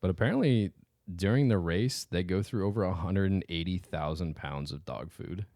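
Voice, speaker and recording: A very deep-voiced man co-hosting a chatty podcast, loose and playful, drifting off mid-thought before picking back up. The recording is dry and close, with no room sound around him. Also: normal speed, a little mellow, dry recording. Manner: laid-back, joking, trailing off mid-sentence. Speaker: podcast co-host. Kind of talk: casual chat.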